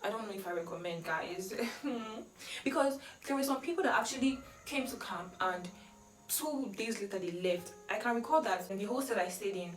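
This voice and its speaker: Chatty young Nigerian woman, echoey room. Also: medium pitch. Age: young adult. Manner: chatty, animated, with Nigerian slang. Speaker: vlogger. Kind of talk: casual storytelling vlog. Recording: echoey room, mic at a distance.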